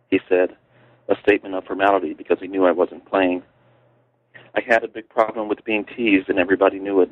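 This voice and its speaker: Man from Chicago, author reading memoir, calm measured delivery, deep voice, tinny phone line. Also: no echo.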